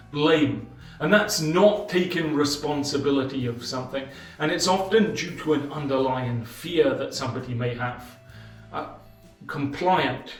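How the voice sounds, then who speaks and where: A man explaining a book's ideas as a host, speaking in a measured way with deliberate pauses and emphasis. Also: on the high side, distant mic. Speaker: channel host summarizing a book. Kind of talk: explanatory book-summary monologue. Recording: roomy sound from off the mic, faint music.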